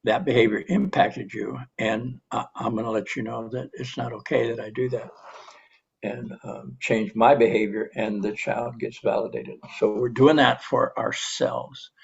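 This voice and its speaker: A man with a gravelly, husky voice leading a recovery meeting, talking in an earnest, halting way on a podcast. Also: mid-range voice, fairly even intonation, highs cut off. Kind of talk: reflective podcast talk.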